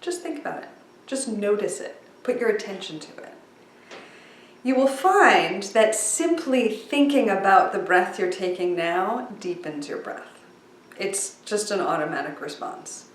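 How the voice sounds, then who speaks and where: A woman's voice: mid-range voice, expressive, a little slow, slight background noise. Chatty woman in an echoey room. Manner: chatty, with fillers and asides. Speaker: speaker sharing breathing tips. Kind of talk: casual storytelling talk. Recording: echoey room, mic at a distance.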